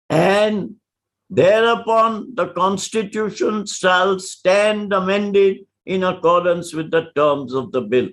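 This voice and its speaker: An older man with an Indian English accent gives a lecture, telling anecdotes in a measured, emphatic way. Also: high voice. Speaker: senior lawyer giving a lecture.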